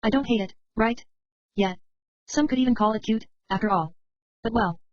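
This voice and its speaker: A woman reading a novel aloud as first-person narration, in a brisk, steady way of telling an inner monologue. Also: fairly high pitch, no echo. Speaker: audiobook reader. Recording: dry, slightly muffled recording.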